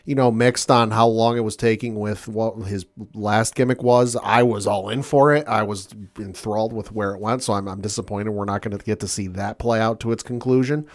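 An American man co-hosting a wrestling podcast, speaking in a reflective, measured way. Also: on the low side, fairly even intonation. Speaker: podcast co-host. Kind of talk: casual podcast chat.

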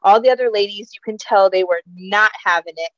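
A woman's voice: medium pitch, brisk, no room sound, lo-fi sound. A woman co-hosting a podcast, chatting casually about celebrity gossip with lots of swearing and laughter. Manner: profane, animated, laughs a lot. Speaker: podcast co-host.

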